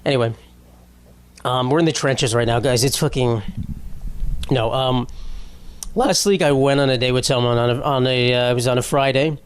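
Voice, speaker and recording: A man's voice: medium pitch, moderate pace, pauses often, clear, resonant tone. A young man hosting his own podcast, ranting in an exasperated, rambling way, swearing often and restarting his sentences. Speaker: podcast host. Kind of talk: unscripted comedic solo podcast rant.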